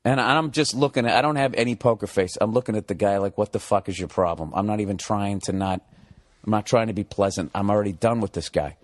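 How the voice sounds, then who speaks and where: A man, a comedian guest in a podcast studio, telling a profane comic story into a studio mic, dropping to low mutters and then climbing into high, excited rants. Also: quick pace.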